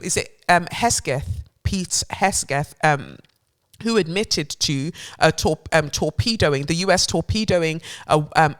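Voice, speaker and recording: Sarcastic woman ranting on news. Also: lowish voice. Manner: sarcastic, animated, swears freely; reads headlines aloud then riffs on them. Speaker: podcast host.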